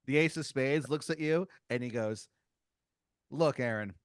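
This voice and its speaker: A man hosting a comedy podcast, improvising a story in a rambling, halting way with many fillers and giggles. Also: medium pitch, no echo, studio quality. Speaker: podcast host.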